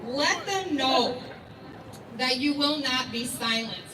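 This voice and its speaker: A woman's voice: high voice, expressive, slow pace, noisy background. A woman giving a motivational speech at an outdoor rally, firing repeated questions at the audience, heard through a PA. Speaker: rally speaker. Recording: echoey PA sound from far off.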